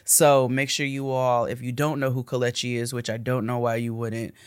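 A woman's voice: rumbling low, level tone, moderate pace, clear, resonant tone, dry recording, clean studio sound. A woman co-hosting a casual podcast chat, playful and slangy, now and then slipping into sing-song bits. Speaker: podcast co-host.

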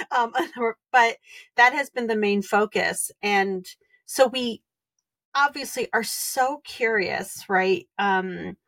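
Woman cohost asking questions slow and careful, super dry close mic. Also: mid-range voice, a bit bright, no echo. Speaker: podcast co-host. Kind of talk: casual interview chat.

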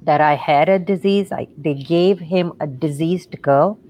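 Middle-aged woman sharing a hard personal story in an interview, kinda low voice, lots of ums and restarts. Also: warm tone. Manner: halting, with frequent fillers and restarts. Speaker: interview guest. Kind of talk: emotional personal story in conversation.

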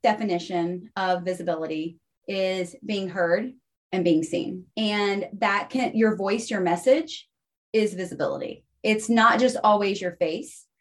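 Chatty woman telling her story. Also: medium pitch. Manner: animated storyteller, often tags "right?". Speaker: podcast guest. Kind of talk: casual interview chat.

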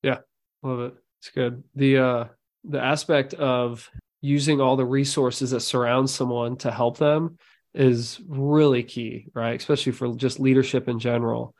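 A man's voice: medium pitch, little pitch movement, measured pace, darkish tone. A man hosting a podcast who affirms his guest and shares stories from his work as a leadership speaker. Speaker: podcast host. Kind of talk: casual podcast conversation.

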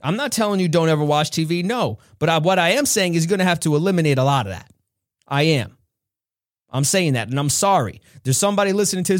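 A man from New York giving an earnest, preachy motivational talk with frequent laughs. His voice sits high, and the recording is dry and close. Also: animated, quick pace, no echo. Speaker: podcast host, motivational speaker.

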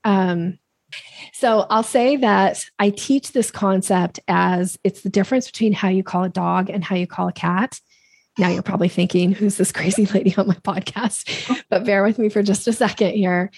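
Brief: woman sales coach, podcast guest, gravelly and husky, animated, pops into playful quoted voices, dry close sound. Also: normal speed, no echo. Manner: animated, acts out quoted voices with big pitch jumps. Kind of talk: podcast interview talk.

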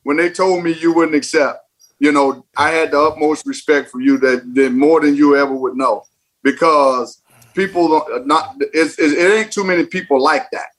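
A man's voice: a little high, steady tone, moderate pace, fairly bright tone, low-quality recording. A man and former baseball player, a podcast guest, telling stories emphatically and repeating phrases for effect. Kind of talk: casual podcast interview.

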